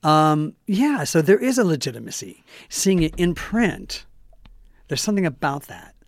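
A man's voice: on the high side, sing-song, moderate pace, creaky, no echo, clean studio sound. A man co-hosting a talk show, chatting casually and often restarting his phrases. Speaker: co-host.

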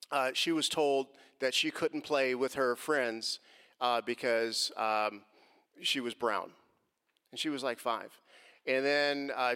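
A middle-aged man giving an earnest answer to a question on faith and race, moving from quiet reflection to impassioned emphasis. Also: medium pitch. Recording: long hall reverb.

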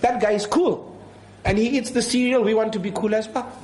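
Male preacher, fairly high voice, earnest and repetitive, roomy echo. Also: steady tone, brisk, a little mellow. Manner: earnest, repeats key phrases, quotes Arabic scripture. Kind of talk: sermon.

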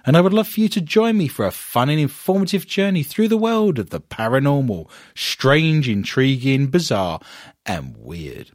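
Lively, animated male radio host. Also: fairly high pitch, dry recording, studio quality. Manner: jokey, breaks into song, animated. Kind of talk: comedic radio chat and show sign-off.

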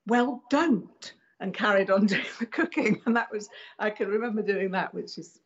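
A woman's voice: mid-range voice, fairly even intonation, a little fast. Hesitant woman reminiscing, muffled audio. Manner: hesitant, many ums and restarts. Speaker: interviewee. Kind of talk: casual reminiscing interview.

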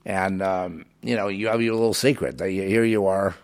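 A man talking as a show host in a rambling monologue, emotional and full of fillers, swinging between loud outbursts and low mutters. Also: steady tone, normal speed. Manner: many fillers and restarts.

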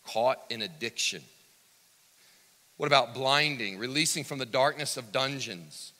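A man preaching a sermon, swinging from loud to hushed and acting out the quotes he cites. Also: medium pitch, measured pace. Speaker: pastor. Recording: long reverb of a church hall.

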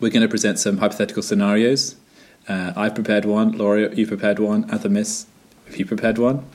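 Playful male podcast co-host, breathy voice. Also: on the low side, little pitch movement, fairly quick, darkish tone. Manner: playful, laughs often. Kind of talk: casual chat.

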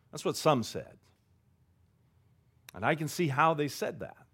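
A man preaching a sermon, swinging between loud declarations and hushed asides. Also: fairly high pitch. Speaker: pastor.

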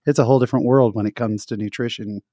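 A man's voice: medium pitch, steady tone, racing, mellow, dry recording. Chatty man hosting, dry close sound. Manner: chatty, repeats words, acts out voices in anecdotes. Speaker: interview host. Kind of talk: casual interview chat.

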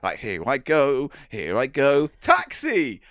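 A man's voice: medium pitch, huge pitch swings, slow, fairly bright tone, no room sound, studio quality, heavily acted. A man voicing a naive, chirpy young man heading off to his first job, sing-song and making his own sound effects.

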